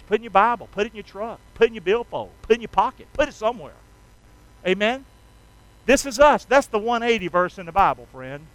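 A man with a strikingly high, smooth voice preaches an energetic sermon. He calls on the congregation to repeat after him in a folksy, emphatic style. The sound is close and dry. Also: dry recording, low-quality recording. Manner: energetic call-and-response with the congregation. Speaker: pastor.

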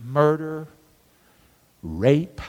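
Animated preacher in a reverberant hall. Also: male voice, a little high, drawn-out words. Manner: animated, call-and-response preaching with acted-out biblical voices. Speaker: pastor. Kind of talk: sermon.

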